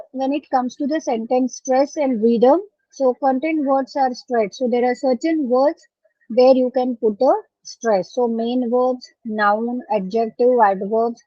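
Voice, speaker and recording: A woman with a fairly high voice teaches a live online exam-prep class, explaining each point step by step and checking in with "okay". The sound is dry and muffled, like a lo-fi online stream. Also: no room sound. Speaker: English test instructor.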